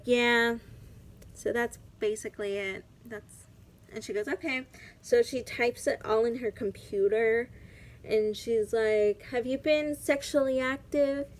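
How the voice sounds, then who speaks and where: A woman's voice: medium pitch, a little mellow. A young woman vlogger telling a personal story in a casual, chatty way, full of "like" fillers.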